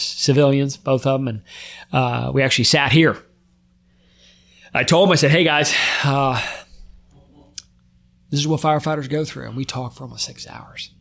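A middle-aged man, a firefighter guest on a podcast, telling a personal story with raw emotion, often repeating and restarting his words, his voice rising when worked up and dropping off quietly. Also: medium pitch, vocal fry.

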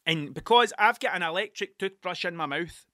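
A man's voice: high voice, animated, moderate pace, sharp tone, dry recording, studio quality. A man telling a rambling, sweary story in a casual podcast monologue, laughing as he goes. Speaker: podcast host and artist.

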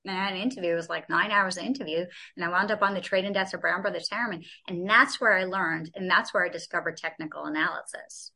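A woman in her forties talks through her story as an interview guest, chatty and laughing easily. Her voice is bright and forceful, and she acts out the people she quotes. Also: lowish voice, fast talker, few pauses.

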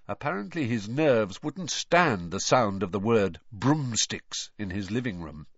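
A man narrating a storybook in an expressive, dramatic reading. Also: on the low side, breathy edge, no echo. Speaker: audiobook narrator. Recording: dry, slightly dull recording.

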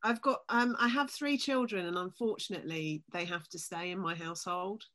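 A woman with a wry, chatty manner who is quick to laugh, talking casually with a panel on a video call. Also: lowish voice, fairly bright tone. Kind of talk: casual group chat.

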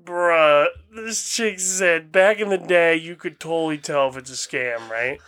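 A young man with a fairly high, bright voice talks slowly and swears constantly as he co-hosts a podcast. He tells stories with plenty of laughter. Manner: profane, laughing storyteller. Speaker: podcast co-host. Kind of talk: crude casual podcast banter.

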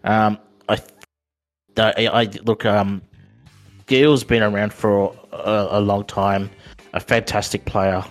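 A man co-hosting a casual gaming podcast, talking in halting bursts with many ums and restarts. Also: fairly low pitch, level tone, faint music behind. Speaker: podcast co-host.

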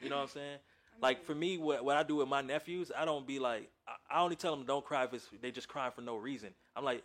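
A man's voice: medium pitch, fast, fairly bright tone. A man chatting on a podcast panel, acting out how he talks to his nephews. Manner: acts out dialogue with his nephews. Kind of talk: casual group chat.

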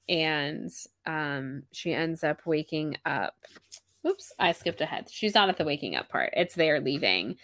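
A woman with a deep voice talks at normal speed, with no echo, while co-hosting a casual book podcast. She recaps chapters in an animated way, acting out the characters' lines and laughing often.

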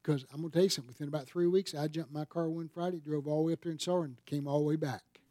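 An older man delivers a sermon, his voice sitting somewhat high for a man. He tells stories from the pulpit and presses harder and louder when he drives a point home. The sound is close and dry. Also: fairly even intonation, very fast, dry recording. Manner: emphatic storytelling, swelling louder and higher on key points. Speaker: pastor. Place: church sanctuary.

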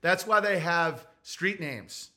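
A man with a New Jersey accent holds forth in a loose podcast monologue. His voice sits high and sounds bright and forceful, and he keeps jumping into put-on voices to act out what others say. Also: slow pace. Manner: animated, acts out quotes in put-on voices. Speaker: podcast host. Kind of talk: casual monologue.

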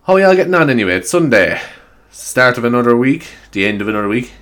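This solo podcast host speaks in an Irish accent with a mid-range, sing-song, fairly bright voice, talking fast. Recorded on a new microphone, he meanders casually, mocks himself, and swears a lot.

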